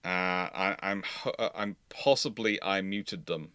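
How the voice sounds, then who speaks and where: A man's voice: low-pitched, measured pace, a bit bright, no echo. A man hosting a live naval history Q&A stream, telling rambling anecdotes and acting out the quotes, on a video call mic. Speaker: host.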